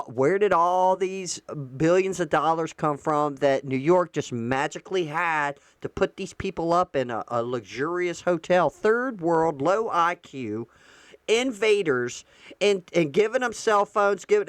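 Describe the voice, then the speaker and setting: A woman's voice: fairly low pitch, lively intonation, a little slow, no echo. A woman vlogging political commentary, reading excerpts aloud and reacting, heated and indignant, repeating lines for emphasis.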